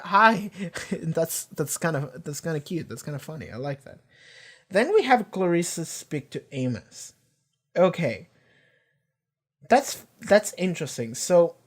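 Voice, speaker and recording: A man giving loose, unscripted reaction commentary on a TV episode, rambling with lots of fillers and the odd curse, often trailing off softer at the end of phrases. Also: a little high. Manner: rambling, heavy use of "like", casual swearing. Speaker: TV series reaction streamer. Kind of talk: casual live reaction commentary.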